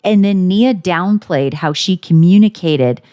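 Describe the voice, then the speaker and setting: A woman co-hosting a podcast, chatting casually and bluntly, swearing freely and acting out quotes with big jumps in her voice. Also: unhurried. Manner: animated, acts out quotes with big pitch jumps. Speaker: podcast co-host. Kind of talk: casual recap chat.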